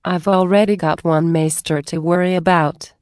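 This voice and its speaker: A woman's voice: lowish voice, fairly even intonation, normal speed, a little mellow, no echo, studio quality, close to an everyday voice. Woman voicing a commanding female guard captain. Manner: crisp, authoritative.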